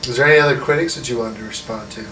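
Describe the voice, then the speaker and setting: A man's voice: mid-range voice, rapid-fire. A man asking brief questions as the interviewer. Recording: distant off-mic voice with loud noise.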